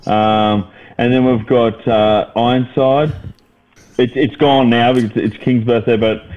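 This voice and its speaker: A man's voice: mid-range voice, steady tone, measured pace, dull audio. A man co-hosting a podcast, rambling with lots of fillers and swearing as he ribs his mates. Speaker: podcast co-host. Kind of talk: casual banter.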